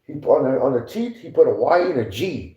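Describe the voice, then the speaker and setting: A man's voice: mid-range voice, sing-song, a little fast, dark tone. A man casually telling stories with heavy slang and profanity, often laughing and mimicking others. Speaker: podcast guest telling prison stories. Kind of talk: casual storytelling. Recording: echoey room, dull lo-fi sound.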